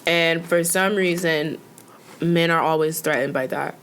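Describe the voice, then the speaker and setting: A woman's voice: low voice, fairly even intonation, measured pace, fairly bright tone, slight background noise. A young woman co-hosting a podcast in casual chat. She talks bluntly, swears, and finishes her friend's sentences. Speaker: podcast co-host.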